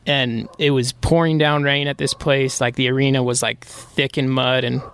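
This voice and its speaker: A man's voice: mid-range voice, level tone, moderate pace, fairly bright tone, clean tone. A man from Pennsylvania, a bull rider guest on a podcast, telling stories casually and rambling with lots of filler "like". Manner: rambling, heavy use of filler "like". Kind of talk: casual storytelling.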